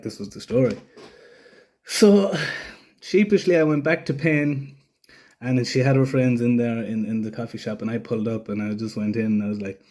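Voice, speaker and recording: A man's voice: medium pitch, darkish tone. A young man telling a story casually, rambling, swearing freely and acting out other people's lines. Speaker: vlogger.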